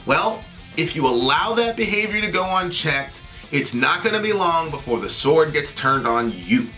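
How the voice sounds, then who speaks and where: A man's voice: fairly high pitch, very animated, normal speed, bright, forceful tone, faint music behind. A man co-hosting a political talk show, venting in indignant, sarcastic bursts. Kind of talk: heated political commentary.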